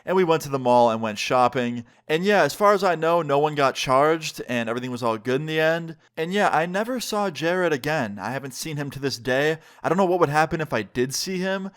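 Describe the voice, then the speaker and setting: A man's voice: a little high, expressive, brisk, hardly any pauses, a bit bright, smooth. A young man casually narrating a storytime on his vlog in a laid-back, slangy way. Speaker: vlogger.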